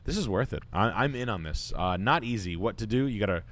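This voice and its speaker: A man talks with his co-host in a loose, profane ramble. His voice sits a little low, and he peppers his talk with "um" and blunt opinions. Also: expressive, a little fast. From Boston area, United States. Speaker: podcast host. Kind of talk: casual crude chat.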